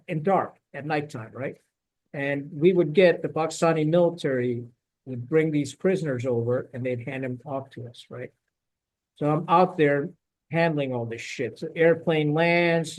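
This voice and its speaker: Man, ex-Marine interview guest, blunt, salty war storyteller, somewhat high voice.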